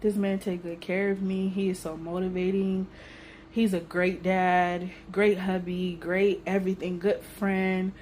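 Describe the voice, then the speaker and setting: A young woman telling a personal story on her vlog in a casual, emotional, animated way with everyday slang. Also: lowish voice, measured pace, a little hiss or hum. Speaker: vlogger.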